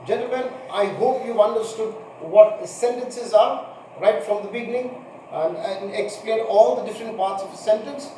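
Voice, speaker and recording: A man's voice: high voice, moderate pace, warm tone. A male teacher giving a recorded grammar lesson, patiently repeating points and spelling out examples. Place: room with a board. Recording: echoey room, mic far off, faint hiss.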